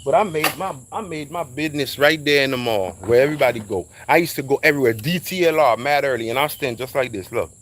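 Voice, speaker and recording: A man telling a casual, animated story in slang, acting out quoted voices along the way. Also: mid-range voice, fast talker, few pauses, slight background noise.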